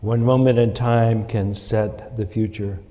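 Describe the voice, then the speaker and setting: Male minister, unhurried prayer voice, long church-hall reverb. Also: on the low side, steady tone, dark tone, slight background noise. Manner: slow, measured and solemn. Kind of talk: leading a prayer. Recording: reverberant sanctuary.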